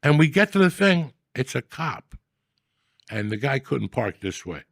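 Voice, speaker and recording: A man with a heavy, gravelly fry in his voice rants through comic stories on a podcast. His delivery is profane and animated, and it jumps to loud outbursts when he acts out a scene. The sound is close and dry, with no room in it. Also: mid-range voice, a little slow, dry recording. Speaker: podcast host. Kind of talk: casual comedic storytelling.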